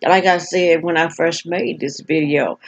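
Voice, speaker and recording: A woman's voice: low voice, steady tone, unhurried, creaky. An older woman talking frankly to her camera, with effortful speech that stumbles and repeats while she searches for words. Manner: frank, plain-spoken. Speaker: vlogger. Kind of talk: casual personal talk to camera. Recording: dull lo-fi recording.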